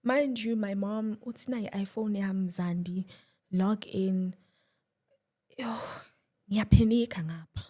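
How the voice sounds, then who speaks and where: A young woman, a guest, telling a personal story with emotion, dropping to a hush at times and restarting her words. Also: medium pitch, measured pace. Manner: shifts between loud and hushed, restarts.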